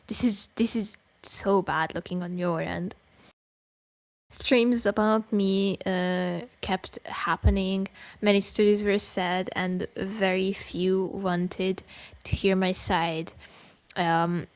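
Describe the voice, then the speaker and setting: A woman's voice: mid-range voice, fairly even intonation, slow, no room sound. A woman co-hosting a podcast and ranting with exasperation at a document she reads aloud. She swears often and sighs. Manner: exasperated, profane, loud bursts, with sighs. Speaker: podcast co-host. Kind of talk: heated podcast rant reacting to a document. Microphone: desk microphone close to the mouth.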